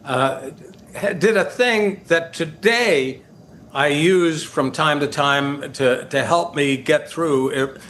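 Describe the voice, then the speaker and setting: An older man, a guest, telling casual anecdotes, halting with fillers and laughing as he goes. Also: fairly high pitch, fairly bright tone, a little hiss or hum. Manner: halting, many fillers, laughs through stories.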